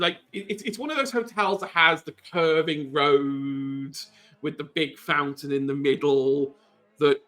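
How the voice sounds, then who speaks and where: Bright-voiced man running a game. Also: a little high. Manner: rambling, many ums, wry asides. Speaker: game master. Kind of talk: narrating a tabletop game.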